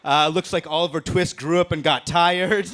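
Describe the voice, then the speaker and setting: A man's voice: on the high side, steady tone, normal speed, a bit bright, slight background noise. A man doing a crude, brash roast-battle stand-up set on stage. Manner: brash, crude punchlines with laughs. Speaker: stand-up comedian. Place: comedy stage before a live audience.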